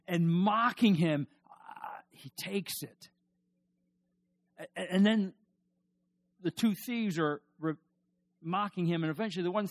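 A male pastor preaching a sermon emphatically, repeating his questions and swinging from loud to hushed. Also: high voice, no room sound, studio quality.

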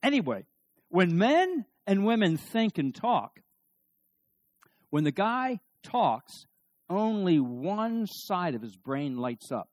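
A middle-aged man giving a humorous talk on marriage to a live audience, animated and joking, often restarting his sentences. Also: high voice, takes it slowly, no echo. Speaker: speaker on marriage.

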